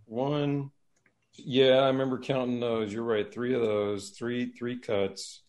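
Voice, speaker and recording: A man's voice: medium pitch, flat delivery, slow pace, a little mellow. A man in casual conversation, laid-back, swearing freely and laughing often. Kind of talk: casual chat.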